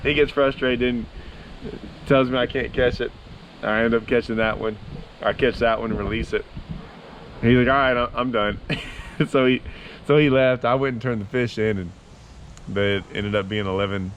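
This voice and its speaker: A man's voice: lowish voice, a little hiss or hum. A man, a fishing vlogger telling a long, rambling story in casual talk to the camera.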